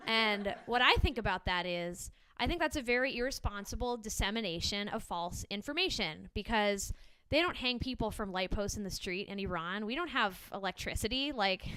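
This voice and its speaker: A woman's voice: mid-range voice, bright, forceful tone, clear, resonant tone. A young woman doing a stand-up comedy set before a small live audience, chatty and self-deprecating with frequent ums and laughs.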